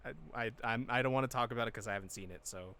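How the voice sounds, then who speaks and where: A man's voice: medium pitch, rapid-fire, fairly bright tone, clean tone. A young man co-hosting a podcast in casual chat, blunt and swearing now and then. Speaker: podcast co-host.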